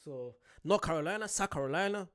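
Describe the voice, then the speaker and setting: A young man who grew up in Ireland gives casual, excitable reaction commentary, swearing and laughing at himself. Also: fairly high pitch, brisk, clean tone. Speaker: reaction video host.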